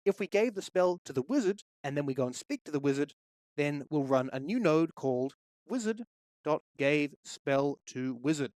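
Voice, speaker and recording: A man's voice: on the high side, animated, normal speed, a little mellow, dry recording. A man walking through a game development tutorial, explaining each step steadily into a close microphone. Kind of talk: screen-recorded tutorial.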